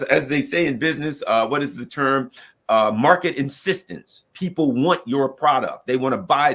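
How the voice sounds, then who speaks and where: Man, American commentator, mid-pitched, argumentative monologue with quoted asides. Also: fairly bright tone. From United States. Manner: emphatic, argumentative, acts out quoted voices of nations. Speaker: political commentator.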